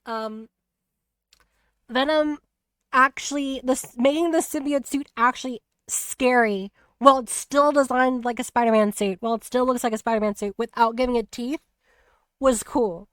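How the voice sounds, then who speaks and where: A woman hosting a stream chats casually about a video game, retelling scenes in a rambling way with lots of restarts and easy laughter. Her voice is a little high and smooth at normal speed, recorded with clean studio sound and no room echo.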